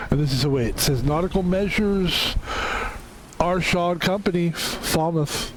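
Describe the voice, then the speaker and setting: A male streamer talks through a puzzle game in a casual, playful voice, thinking aloud as he goes. His voice sits slightly high for a man. Faint noise runs underneath. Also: measured pace, low-quality recording. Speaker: gaming streamer. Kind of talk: casual gameplay commentary.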